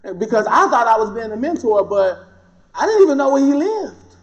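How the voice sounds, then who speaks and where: This guest speaker is a man with an extremely high voice that swings widely in pitch, and he talks a little fast. He recounts his personal testimony with animation, voicing the words of others, captured on a dull lo-fi recording.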